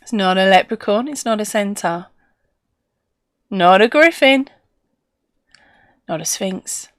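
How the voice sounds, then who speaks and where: A woman's voice: mid-range voice, expressive, takes it slowly, no room sound, clean studio sound. A woman hosting a casual live stream, chatty and laughing often as she reads out viewer comments.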